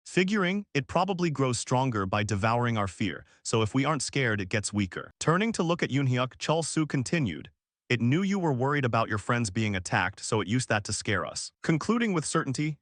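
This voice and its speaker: Lively male recap narrator, dry sound. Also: mid-range voice, brisk, dry recording. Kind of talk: scripted story narration.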